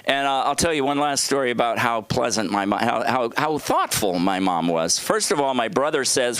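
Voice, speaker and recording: A man's voice: mid-range voice, big pitch swings, normal speed, hardly any pauses, a bit bright, smooth, no echo. A man doing open mic stand-up, telling rambling stories with lots of asides and restarts. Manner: rambling, self-interrupting storytelling with asides. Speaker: stand-up comedian. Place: comedy club stage.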